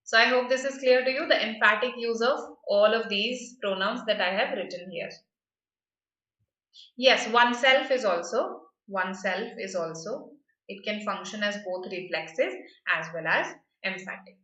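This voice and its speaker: A woman's voice: mid-range voice, normal speed, a bit bright, echoey room, muffled recording. A woman teaching a grammar lesson for exam prep, explaining patiently and often checking with "right?".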